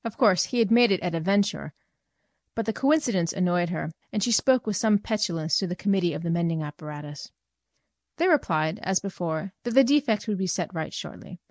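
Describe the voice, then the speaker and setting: A woman's voice: fairly low pitch, expressive, fairly quick, darkish tone, dry recording. Woman reading a story, dry close sound. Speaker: reader. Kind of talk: scripted narration of a short story.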